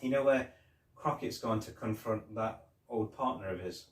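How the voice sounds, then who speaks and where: A man's voice: on the low side, moderate pace. A man co-hosting a podcast, casually retelling favourite scenes and quoting the characters. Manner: chatty, retells scenes with quoted lines. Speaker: podcast co-host. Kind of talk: casual chat reviewing a TV episode. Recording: roomy, distant mic.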